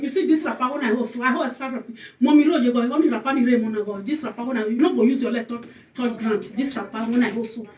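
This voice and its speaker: Effusive Nigerian woman, far from the mic. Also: a little high. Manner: effusive, repetitive blessings, mixes pidgin with local language. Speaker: food channel vlogger. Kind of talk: casual birthday greeting to camera. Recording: roomy and distant from the mic.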